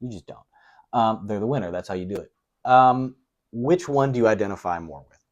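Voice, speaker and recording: A man's voice: on the low side, fairly quick, muffled recording. A man hosting an interview, speaking in a reflective, coaching manner, paraphrasing his guest back to him with frequent "um"s. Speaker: interview host. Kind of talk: casual interview talk.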